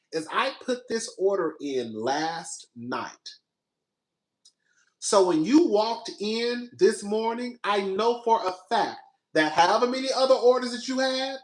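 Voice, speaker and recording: A man's voice: sits high, a bit bright, roomy sound. A young man telling a story in a casual rant, sassy, exasperated and profane, with dramatic delivery. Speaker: podcast host.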